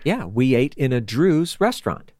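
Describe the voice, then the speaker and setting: A man leading a casual Bible study, talking in a chatty, animated way and laughing often. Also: mid-range voice, moderate pace, dry recording, clean studio sound. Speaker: Bible teacher.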